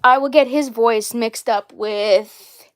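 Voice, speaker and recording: Woman, live stream host, casual chat, rambling, repetitive, somewhat high voice. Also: slow. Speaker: channel host.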